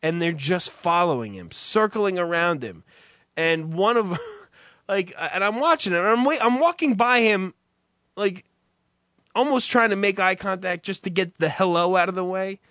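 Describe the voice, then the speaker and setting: A man's voice: high voice, lively intonation, moderate pace, fairly bright tone, dry recording, clean studio sound. A man telling a rambling, profane story in casual chat with a co-host, full of restarts. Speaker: podcast co-host.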